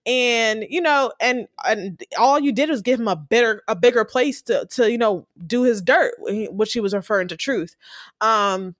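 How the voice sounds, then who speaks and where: A fairly high-voiced woman talking casually and with lots of energy, slipping into quick impressions of the people she describes. The sound is close and dry, with no room around her. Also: no room sound. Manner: animated storyteller, acts out characters' lines in slangy voices. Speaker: podcast co-host recapping a TV episode. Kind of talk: casual chat.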